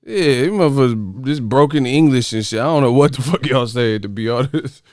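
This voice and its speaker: A man's voice: mid-range voice, fairly quick, a little mellow, dry recording, studio quality. A man hosting a boxing channel, reacting to his chat in casual, profane, laughing riffs. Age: adult. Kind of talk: casual livestream commentary on chat.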